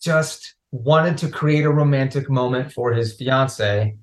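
A man's voice: medium pitch, slow pace, crowd noise. A man who is a guest on a podcast, chatting casually in an earnest way and trading teasing banter. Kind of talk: casual chat recap.

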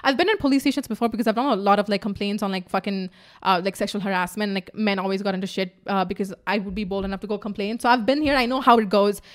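A young woman hosting a podcast, telling a story in a fast, excitable, swearing, casual chat. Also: medium pitch. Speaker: podcast host.

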